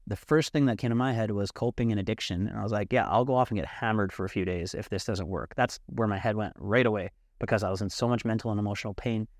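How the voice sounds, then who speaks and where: A young adult man telling a personal story as a podcast guest, animated and swearing freely while acting out what others said. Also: fairly low pitch, no echo, studio quality. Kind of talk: casual storytelling.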